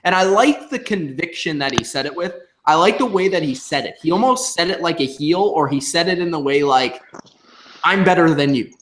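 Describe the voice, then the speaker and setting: A young man casually recapping a wrestling show, slowing down to quote the promos he retells. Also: on the high side, lively intonation, slight background noise.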